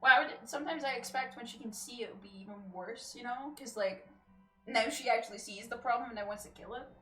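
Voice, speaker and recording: Giggly bright-voiced woman streamer. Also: a little high, quick pace, echoey room, faint music behind. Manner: giggly, reads game dialogue aloud with laughs. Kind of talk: casual game stream chat.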